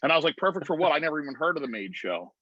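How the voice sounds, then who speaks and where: Animated man telling a story on a call. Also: on the high side, very fast, dry recording. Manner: animated storyteller, acts out voices of others. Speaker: guest. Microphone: video call. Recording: dry muffled video-call audio.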